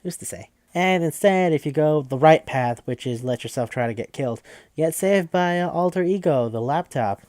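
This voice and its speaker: A man's voice: a little high, animated, normal speed, darkish tone, dry recording, clean studio sound. A man hosting a podcast who recaps a game in a casual, rambling way, swearing often and full of fillers. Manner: rambling, profane, with frequent fillers. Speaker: podcast host.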